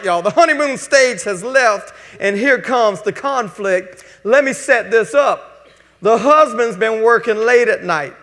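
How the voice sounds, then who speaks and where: A male pastor preaching a sermon in a folksy, joking, energetic way. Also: very high voice. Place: church sanctuary. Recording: church hall reverb.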